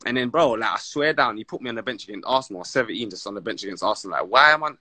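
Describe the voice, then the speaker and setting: A man's voice: on the low side, rapid-fire, dry recording. A man with a London accent telling football stories in casual, slang-heavy, rambling chat as an interview guest. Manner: slang-heavy, rambling and animated, many restarts.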